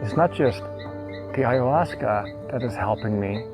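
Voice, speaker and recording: A young man telling an emotional personal story, halting and repeating words as he chokes up with tears. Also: medium pitch, music in the background, low-quality recording. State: tearful. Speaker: vlogger.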